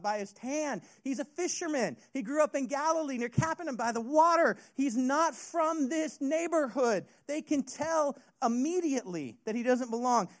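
A man preaching a sermon as a youth pastor, retelling a story with an expressive delivery. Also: extremely high pitch.

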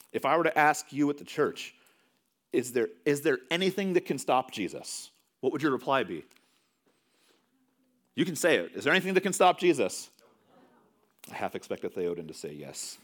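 Male pastor in his thirties, sermon, earnest, loud then hushed, mid-pitched voice. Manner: earnest, swings between loud emphasis and hushed quiet.

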